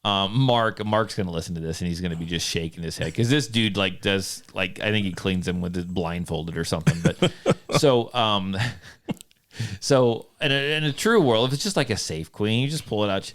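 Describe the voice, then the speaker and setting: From a home studio, a man hosting a casual podcast chat tells a story with frequent laughter and self-mocking humor. His voice is fairly low and he speaks at normal speed.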